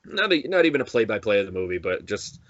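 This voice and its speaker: A man's voice: fairly low pitch, sing-song, quick pace, fairly bright tone, highs cut off. A man co-hosting a podcast in casual chat, rambling with many restarts and acting out quotes. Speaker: podcast co-host.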